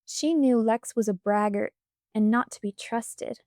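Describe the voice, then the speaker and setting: A woman reading a storybook audiobook aloud in a calm, measured way on a close microphone. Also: on the high side, dry recording. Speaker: audiobook reader.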